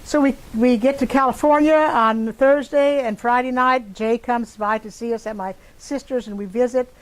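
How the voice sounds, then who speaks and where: An older woman telling a personal story in an interview, pausing often with fillers and restarts. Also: a little high, steady tone, rough recording. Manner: halting, many fillers and restarts. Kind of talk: casual spoken recollection.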